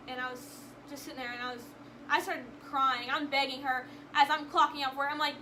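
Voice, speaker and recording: A woman's voice: high-pitched, steady tone, a little fast, noisy background. A young woman vlogger telling a personal story to camera in an emotional, rambling way, with frequent restarts.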